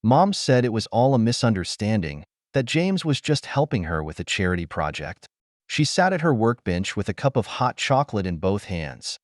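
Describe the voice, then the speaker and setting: A man narrating a dramatic story in an even, unhurried way. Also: on the low side, no echo, studio quality.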